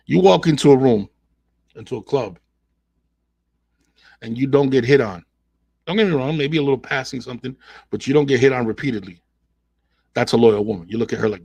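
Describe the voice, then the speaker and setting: A man hosts his own podcast alone, talking in an animated way and slipping into mimicking voices for the people he describes. His voice is husky and sits at an ordinary middle pitch. The sound is dry and close, with no room around it. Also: brisk, dry recording. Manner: animated, mimics women in quoted asides. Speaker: podcast host. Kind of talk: solo podcast monologue.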